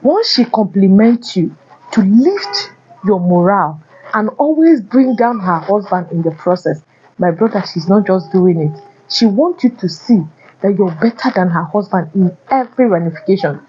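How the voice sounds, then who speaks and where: A woman's voice: medium pitch, lively intonation, normal speed, dark tone, lo-fi sound, a little hiss or hum. A woman vlogger giving blunt, repetitive relationship warnings addressed to men. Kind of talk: casual advice monologue.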